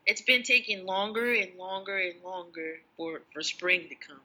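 A podcast co-host in casual chat, telling a travel story in a relaxed way. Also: mid-range voice, normal speed, rough recording.

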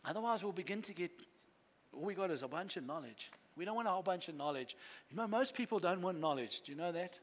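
A man's voice: high-pitched, lively intonation, fast. A man pastor preaching a sermon to his church, earnest and building to fervent exhortation. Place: church hall. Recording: long reverb of a church hall.

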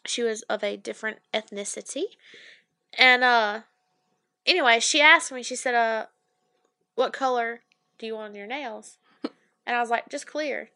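A woman's voice: fairly high pitch, normal speed, long pauses, bright, forceful tone. A young adult woman chatting casually, telling a long rambling story and acting out the people in it. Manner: rambling storyteller, acts out quoted people, says "anyway" often. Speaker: podcast co-host. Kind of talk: casual chat.

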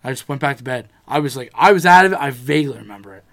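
A man's voice: mid-range voice, rapid-fire, gravelly, fairly bright tone. A young man in casual chat, telling a personal story with lots of swearing and acted-out quotes.

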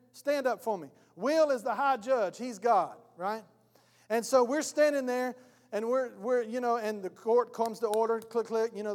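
A male pastor preaches with animated storytelling and acts out scenes. His voice is high, and it rings with long reverb through a church hall. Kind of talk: sermon.

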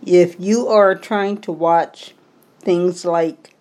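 Woman, podcast co-host, dry and teasing, fairly low voice, slow. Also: steady tone, darkish tone. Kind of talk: casual podcast chat.

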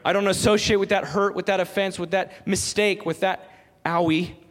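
Pastor, male, thirties, high voice, earnest emphatic sermon delivery, long hall reverb. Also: fairly even intonation, normal speed. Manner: earnest, emphatic preaching with repeated phrases.

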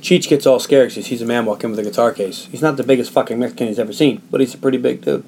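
A man's voice: medium pitch, racing, darkish tone, slight background noise. A man hosting a podcast, casually retelling a film scene by scene with loose, profane storytelling. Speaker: podcast host recapping a film. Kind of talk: casual chat.

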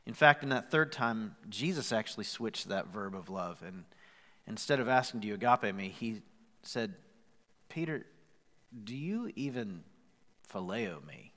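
Impassioned preacher in a reverberant hall. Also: male voice, very animated, unhurried, fairly bright tone. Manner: impassioned, rising in pitch and volume as he presses his point. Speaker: pastor. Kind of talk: sermon.

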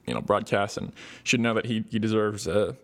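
Young man, low voice, gravelly fry, rambling podcast host, lots of fillers. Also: steady tone, brisk, fairly bright tone. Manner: rambling, many fillers and restarts. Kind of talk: casual thank-you monologue.

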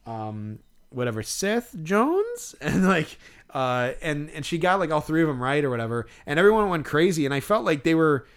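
A podcast co-host chats casually as he tells a story, laughing mid-sentence and mimicking other people. His mid-range voice is a little bright and comes through with a clean tone.

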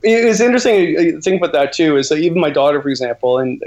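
A man's voice: fairly high pitch, fast, muffled recording. A middle-aged man from Canada, an outdoor educator and author, telling rambling stories as a guest on a casual podcast interview. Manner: rambling storyteller, animated and laughing.

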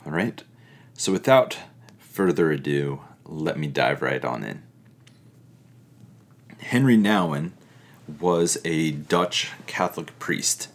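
Middle-aged guy, really low voice, earnest reflective teaching talk, lots of pauses and ums. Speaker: pastor or teacher giving a talk.

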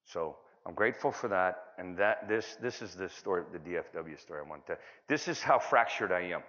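A middle-aged man doing a stand-up comedy set at a conference, telling rambling stories full of restarts and sudden loud bursts. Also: expressive, fairly quick. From California. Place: conference hall. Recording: dull, boomy conference hall recording.

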